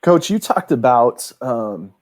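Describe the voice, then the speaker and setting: A man's voice: mid-range voice, big pitch swings, takes it slowly, a little mellow. A man hosting a podcast, chatting casually and agreeing with his guest, with frequent fillers. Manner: conversational, agreeing, filler-heavy. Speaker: podcast host. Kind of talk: casual interview chat.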